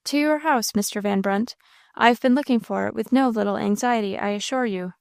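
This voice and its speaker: A woman voicing a gentle, patient young woman who speaks softly and reassuringly, in an audiobook reading. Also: a little high, brisk, gravelly, no room sound, clean studio sound. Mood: tender, weary. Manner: soft, reassuring, earnest.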